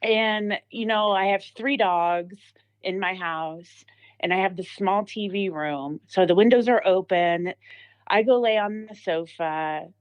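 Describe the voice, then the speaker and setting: A woman's voice: mid-range voice, measured pace, clean tone, dull audio. A woman giving a personal testimony as a podcast guest, telling her story vividly with many fillers and restarts.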